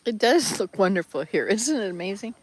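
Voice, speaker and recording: A woman's voice: mid-range voice, expressive, a little fast. Chatty older woman vlogging outdoors. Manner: chatty, rambling, self-correcting. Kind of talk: casual travel vlog. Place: outdoors at a rural hut. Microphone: handheld camera.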